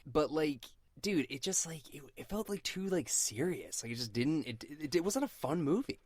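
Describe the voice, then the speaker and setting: A man co-hosting a casual podcast chat, animated and laughing often as he talks. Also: on the high side, normal speed, breathy edge, no room sound. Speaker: podcast co-host.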